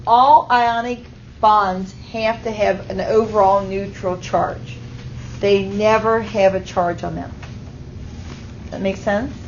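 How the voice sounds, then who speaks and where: Speaking slowly in a steady, medium-pitched voice, a high school chemistry teacher lectures her class step by step, often pausing to check in with students. An auto-tracking camera mic captures it in a slightly muffled recording with a little hiss or hum.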